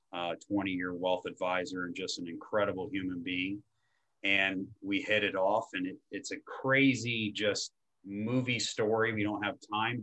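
A man from Florida, a men's coach, talking in an energetic, slangy way with casual swearing in a relaxed podcast chat. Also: low-pitched, low-quality recording. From Tampa, Florida.

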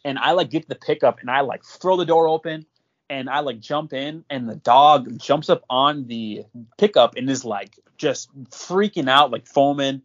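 A man hosts a casual podcast and spins a rambling tale, full of fillers and restarts. His voice sits at an everyday middle pitch. The recording is muffled and lo-fi. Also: normal speed. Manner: rambling, filler-heavy, lots of "like". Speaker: podcast host. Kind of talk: casual storytelling chat.

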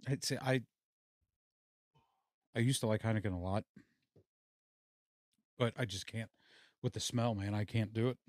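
A man's voice: on the low side, measured pace, pauses often, a little mellow, no room sound, studio quality. A man hosting a casual podcast chat, laid-back and swearing freely. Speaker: podcast host. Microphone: studio mic.

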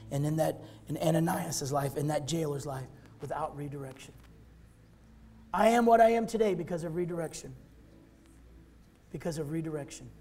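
A male pastor giving a fervent altar-call sermon, repeating phrases and rising to loud shouts. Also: high voice.

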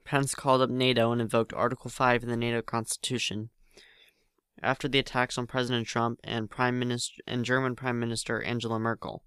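A man's voice: mid-range voice, little pitch movement, a little fast, a bit bright, clean tone, no echo, studio quality. A man narrating a story aloud in a plain reading voice, with frequent slips and restarts.

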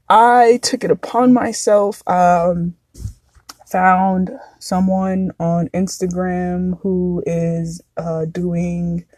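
With a lowish, mellow voice and no echo, a thirtysomething woman hosts a podcast. The conversation is casual and drifts off topic as she opens up frankly and confessionally.

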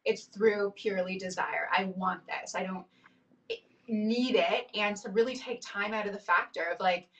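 A woman's voice: mid-range voice, normal speed, a bit bright, recorded from a distance, poor audio. Effusive woman host, slightly off-mic. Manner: effusive, emotional storytelling. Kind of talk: casual chat.

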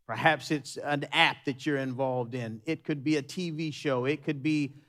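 A male pastor preaching a sermon, animated and full of storytelling. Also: on the high side, moderate pace.

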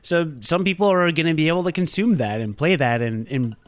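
A man's voice: a little high, a little fast. A man hosting a podcast in casual chat, teasing his guest and steering the talk. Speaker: podcast host.

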